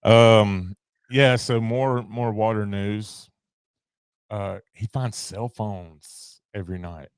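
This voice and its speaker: A man co-hosting a podcast, chatting in a relaxed, rambling way with lots of fillers. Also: on the low side, takes it slowly, smooth, no echo, studio quality. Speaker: podcast co-host. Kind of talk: casual chat.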